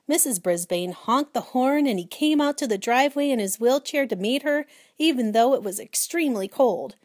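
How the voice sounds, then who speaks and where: A woman narrating a children's storybook aloud in a clear, steady reading voice. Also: a little high, normal speed, dry recording, clean studio sound. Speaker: audiobook reader.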